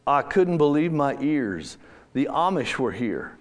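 A man telling a first-person story in a church setting, reading slowly and dramatically with drawn-out pauses. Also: mid-range voice, very animated.

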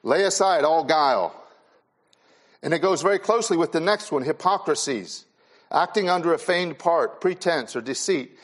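A male pastor with a fairly high voice delivers an earnest sermon to a youth gathering. He hammers key phrases through repetition. At times he sinks quiet and low with sorrow. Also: lively intonation, normal speed.

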